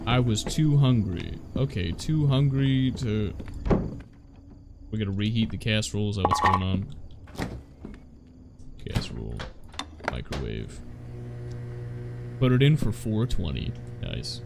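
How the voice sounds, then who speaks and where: Gravelly guy streaming a horror game, slow and chatty, voice jumps all over, faint hiss behind. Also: lowish voice, sing-song. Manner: chatty, rambling, with frequent fillers. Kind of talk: live gameplay commentary.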